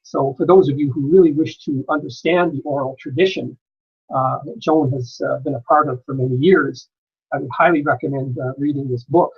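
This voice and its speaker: A man speaking at a conference, giving a measured lecture with frequent pauses and "uh" fillers. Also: medium pitch, steady tone, husky, lo-fi sound. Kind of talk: lecture presentation. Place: conference hall.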